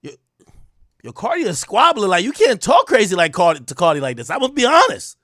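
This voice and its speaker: A high-pitched man on a livestream talks to his chat in excitable, profane slang. His voice swings widely up and down as he repeats lines and gets worked up, and the sound is dry and close at a desk mic. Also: brisk, dry recording. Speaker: livestream host. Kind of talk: casual livestream reaction commentary.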